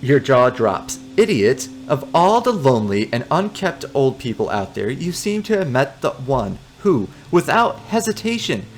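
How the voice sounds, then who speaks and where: A man's voice: mid-range voice, very animated, moderate pace, few pauses, slight background noise. Man reading a text game aloud. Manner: amused, joking asides between read passages. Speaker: let's player.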